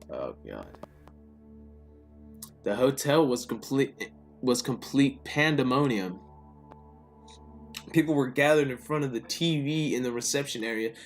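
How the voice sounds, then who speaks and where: A man reads a story game aloud in a casual, chatty way, with incredulous outbursts between passages. His voice sits at an ordinary pitch, and soft music plays underneath. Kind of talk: casual let's-play narration.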